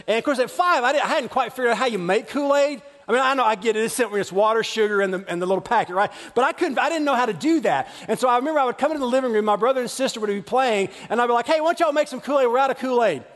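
High-voiced preacher in a big hall. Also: male voice, racing, hardly any pauses, fairly bright tone. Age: 40s. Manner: chatty, self-deprecating, frequent restarts and asides. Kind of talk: conversational sermon storytelling. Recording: long reverb of a large hall.

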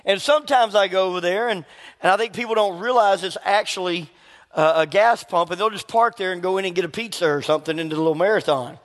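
Male pastor, high tenor register, lively storytelling sermon, big reverberant hall sound. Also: fast. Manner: animated storytelling, acts out quoted voices.

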